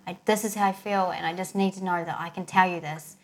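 Animated woman telling a family story. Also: on the low side, fast. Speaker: podcast co-host, mother. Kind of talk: casual chat.

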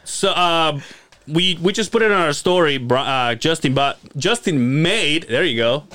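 A man co-hosting a podcast in casual chat, telling animated stories, acting out quotes and swearing freely. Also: on the high side, measured pace. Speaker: podcast co-host.

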